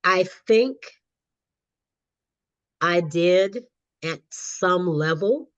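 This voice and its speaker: In a podcast interview, a middle-aged guest author and counselor laughs often as she animatedly recounts her own story. She speaks extremely slowly at a fairly low pitch with lively intonation, and there's no echo. The lo-fi recording sounds slightly dull.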